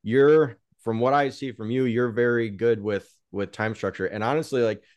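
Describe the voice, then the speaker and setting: A man's voice: mid-range voice, fairly even intonation, normal speed, darkish tone, clean tone, dry recording. A man hosting a podcast, chatting casually and laughing often with his guest. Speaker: podcast host. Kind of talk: casual interview chat.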